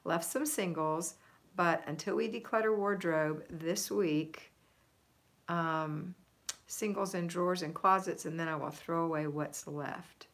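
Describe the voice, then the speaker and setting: A chatty woman hosts a casual live stream from home. She reads viewer comments aloud, laughs easily and talks warmly to her audience through a phone or webcam. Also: fairly low pitch, unhurried. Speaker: livestream host.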